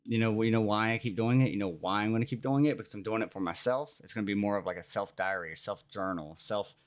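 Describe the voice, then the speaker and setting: A man's voice: lowish voice, quick pace. Irritated, venting man streaming live. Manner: irritated, venting, repeats himself. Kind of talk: casual live-stream talk.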